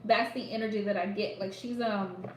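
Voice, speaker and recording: A woman's voice: medium pitch, steady tone, moderate pace, a little hiss or hum. A woman giving a live psychic reading, speaking straight to the listener and repeating phrases for emphasis. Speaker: psychic reader. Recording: echoey room.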